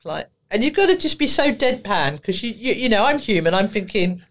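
A woman therapist, telling lively stories on a podcast, laughing and acting out the conversations she recounts. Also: medium pitch, brisk. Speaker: therapist guest. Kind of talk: anecdotal storytelling on a podcast.

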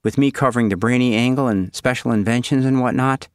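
A man's voice: mid-range voice, fast, smooth, no echo, studio quality, pitched above the performer's own voice, close to an everyday voice. A man voicing an earnest, anxious young girl who speaks formally and eagerly to please.

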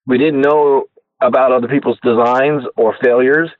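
A man telling his inventor story as a radio guest, animated and acting out the people he quotes, heard over a tinny phone line. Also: medium pitch, normal speed, no echo. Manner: animated storyteller who acts out quoted voices. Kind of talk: casual storytelling interview.

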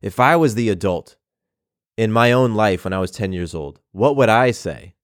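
A man's voice: on the low side, lively intonation, moderate pace, dry recording, studio quality. A man in his thirties telling a personal story in a reflective, earnest way, often repeating phrases. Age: 30s.

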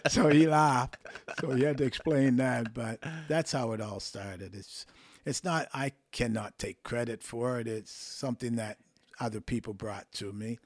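A man's voice: mid-range voice, dry recording. Older man, coaching stories, dry sound. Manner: measured, acts out quoted voices. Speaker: hockey coach, guest. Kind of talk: relaxed interview storytelling.

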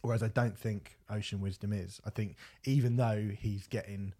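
A man's voice: lowish voice, fairly even intonation, moderate pace, mellow. A man hosting a music podcast, talking in a rambling, sweary, casual way. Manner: rambling, sweary, many restarts. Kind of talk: casual chat.

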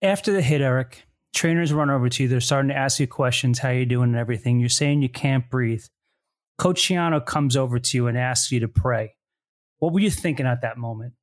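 A man's voice: medium pitch, fairly quick, no room sound, studio quality. A male podcast host interviewing a guest, getting emotional and choked up as he asks his questions. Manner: emotional, choked up while asking.

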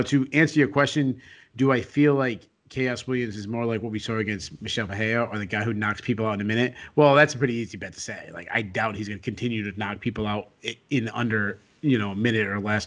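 A man's voice: lowish voice, fairly quick, fairly bright tone. Sleepy man rambling through fight analysis. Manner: rambling, filler-heavy, frequent restarts. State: sleepy late at night. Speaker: co-host and analyst.

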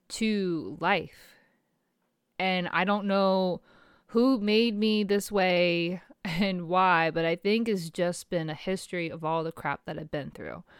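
A woman's voice: lowish voice, smooth, no echo, studio quality. A middle-aged woman speaking candidly and emotionally in a personal vlog, rambling with fillers and laughs. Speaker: small business owner.

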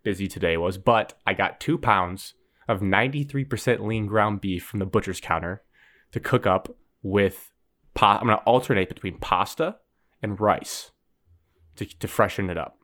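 A young man with a lowish voice tells a story on a casual podcast. He rambles, circling back with "like" and "um", and acts out bits of what happened. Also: normal speed. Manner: rambling, filler-heavy, animated retelling. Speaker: podcast host.

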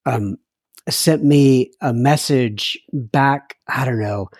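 A man hosting a podcast talks in an unhurried, halting way. His pitch sits in a middle range. The recording is dry and close. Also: dry recording. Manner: halting, many fillers and restarts. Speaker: podcast host. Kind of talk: casual interview chat.

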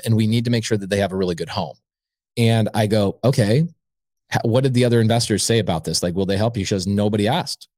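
The studio-quality, dry recording captures a man with a lowish voice. A real estate investor guesting on an interview podcast, he tells a long personal story as an animated storyteller, playing each side of the conversation.

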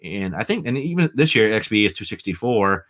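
A man's voice: fairly low pitch, fairly quick. A man with a New England accent co-hosting a baseball podcast, rattling off stats in casual, rambling chat. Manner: animated, stat-heavy, rambling with fillers. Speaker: fantasy baseball podcast co-host.

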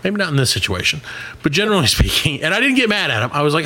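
A middle-aged man on a comedy podcast telling a long story in a casual, animated way, swearing and acting out what other people said. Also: a little high, rapid-fire. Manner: animated, swearing, acts out quoted voices. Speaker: podcast co-host.

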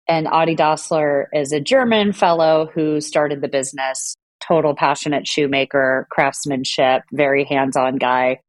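A woman's voice: deep voice, no room sound. A middle-aged woman from Southern California, answering interview questions in a fluent, businesslike way. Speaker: guest executive.

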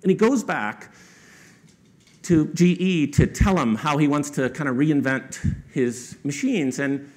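A man's voice: a little high, a little slow, a little mellow. A man telling a story to an audience as a guest speaker. He talks in a conversational way, often adds "right?", and raises his voice to quote people. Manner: conversational with frequent rhetorical "right?".

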